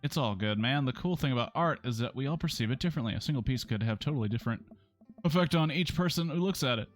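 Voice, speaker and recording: A man's voice: medium pitch, animated, fast, faint music behind. A man streaming a game, making wry, joking comments while reading aloud.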